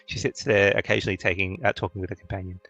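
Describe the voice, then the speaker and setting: Halting man running a tabletop game. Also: low-pitched, level tone, fairly bright tone, no room sound, muffled recording, faint music behind. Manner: halting, many fillers and restarts. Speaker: game master.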